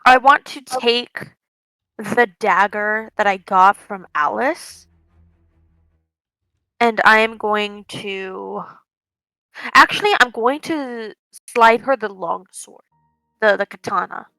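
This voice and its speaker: Woman playing a tabletop rpg, bright voice, dry close mic. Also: mid-range voice, takes it slowly, long pauses, no echo, faint music behind, rough recording. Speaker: player. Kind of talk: tabletop role-play.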